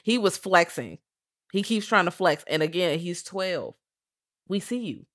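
A woman casually recapping a movie in a profane, animated way, acting out lines from the characters. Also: lowish voice, a little slow. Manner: profane, animated retelling with acted-out quotes.

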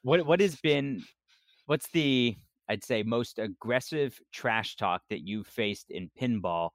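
A man's voice: mid-range voice, slow, no echo, studio quality. A man co-hosting a podcast, asking eager questions that stumble over repeated starts. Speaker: podcast co-host. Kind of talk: casual interview questions.

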